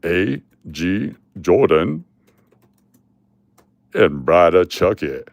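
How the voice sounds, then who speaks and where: A man doing an impression of a drawling Southern uncle with a Southern accent, reading a list of names slowly and loudly. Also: deep voice, big pitch swings, creaky, no echo, full character voice.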